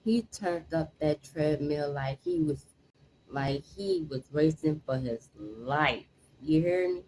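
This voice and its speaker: A woman's voice: low-pitched, slow pace, a little mellow, slight background noise, low-quality recording. A woman hosting a reaction video, giving casual commentary in an exasperated, incredulous way and repeating herself.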